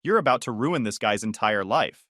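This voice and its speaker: A worried young male friend, as the narrator voices him, asking uneasy questions in a plain, dry storybook voice with a lively lilt. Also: on the low side, normal speed, no echo.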